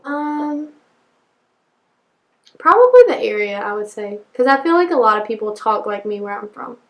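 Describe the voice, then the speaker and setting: A young woman telling a story in a giggly, animated way. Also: on the high side, moderate pace.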